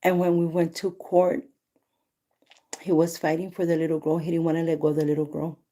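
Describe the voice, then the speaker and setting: Low-voiced woman telling a story live. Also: a little fast. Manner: animated retelling, voicing both sides of dialogue; mixes in Spanish phrases. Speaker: livestream host. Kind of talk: casual storytelling livestream.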